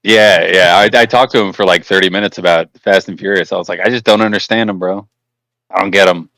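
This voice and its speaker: A man's voice: deep voice, fairly even intonation, fast, bright, forceful tone, no room sound. A young man co-hosting a podcast, telling stories in casual, profane chat and laughing often. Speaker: podcast co-host.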